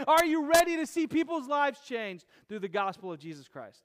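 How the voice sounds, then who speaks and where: A man preaching a sermon as pastor, talking casually and joking at times, then building to emphatic shouts. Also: extremely high pitch, animated, moderate pace, few pauses.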